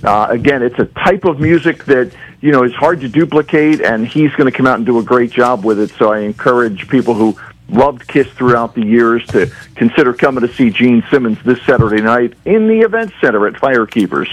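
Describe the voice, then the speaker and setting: Male venue rep, radio guest, mid-pitched, halting, filler-heavy delivery. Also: low-quality recording. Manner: hesitant, many fillers and restarts. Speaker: casino entertainment representative. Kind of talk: radio interview.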